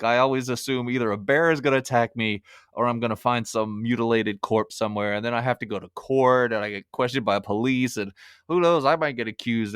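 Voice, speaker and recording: A man's voice: mid-range voice, a bit bright, clear, resonant tone, no echo, studio quality. A man hosting a movie review podcast, talking casually with wry, self-mocking humor. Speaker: podcast host.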